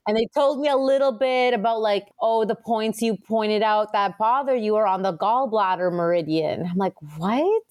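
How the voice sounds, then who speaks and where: A woman acupuncturist chatting casually as an interview guest, telling stories in a lively way with lots of fillers. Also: medium pitch, moderate pace, few pauses. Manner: chatty, animated storytelling with many fillers.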